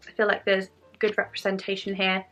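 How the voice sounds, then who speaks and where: A woman's voice: mid-range voice, monotone, a little fast, a bit bright, soft background music. A woman showing off her new tarot and oracle decks in a casual vlog, gushing and enthusiastic about the artwork. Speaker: tarot YouTuber. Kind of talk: casual show-and-tell haul.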